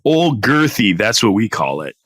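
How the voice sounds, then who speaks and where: A man co-hosting a podcast in loose, casual chat, drifting off on tangents and laughing easily. His voice is bright and tense, with pitch that swings a lot. The sound is dry and close. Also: sing-song, moderate pace, no echo. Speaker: podcast co-host.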